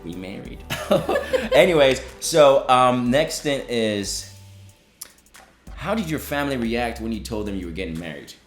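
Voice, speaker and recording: A man's voice: medium pitch, sing-song, unhurried, roomy sound, soft background music. A young man co-hosting a couple's vlog, chatting casually and playfully. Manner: playful, laughs often. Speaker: vlog co-host. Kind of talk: casual chat.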